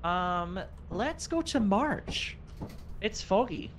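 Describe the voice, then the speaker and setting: A man's voice: high voice, very animated, drawn-out words, fairly bright tone, a little hiss or hum. A man chatting with friends during a co-op game, explaining the controls. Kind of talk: casual gaming chat with friends. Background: game music.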